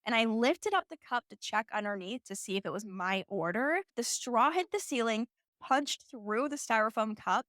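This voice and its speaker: A woman's voice: a little high, animated, moderate pace, a bit bright, no room sound, clean studio sound. A young woman in her twenties hosting a podcast, telling a personal story in a casual, chatty way full of "like" fillers. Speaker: podcast host.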